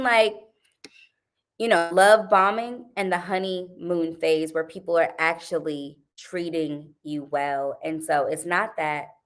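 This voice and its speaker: A woman's voice: on the low side, fairly even intonation, slow. A young adult woman hosting a casual livestream, chatting animatedly with viewers and laughing often. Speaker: livestream host.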